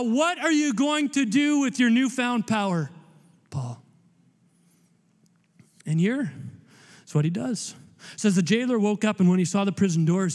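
A man preaching as a guest pastor, animated and conversational, with playful asides. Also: sits high. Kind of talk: sermon. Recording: long hall reverb.

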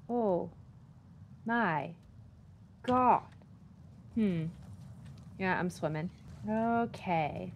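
A young adult woman talking through a video game, chatty and self-deprecating, reacting out loud as she plays. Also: medium pitch, drawn-out words, pauses often. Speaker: gaming YouTuber. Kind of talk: casual let's-play commentary. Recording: faint background noise.

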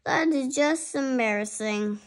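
A young reader voicing a tiger who is frank and gently teasing, speaking in a dry, matter-of-fact way during a storybook read-aloud. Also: sits high, unhurried.

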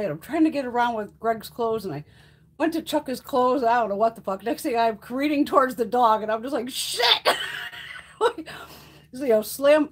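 A middle-aged woman with a fairly high, husky voice hosts a beauty livestream from her makeup room at home. She chats casually, swears freely, and laughs a lot.

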